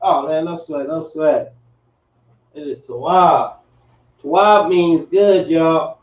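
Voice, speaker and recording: Male teacher, high voice, casual and slangy, recorded from across a dull room. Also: slow pace. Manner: relaxed, slangy, repeats himself. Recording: echoey, distant, dull room sound.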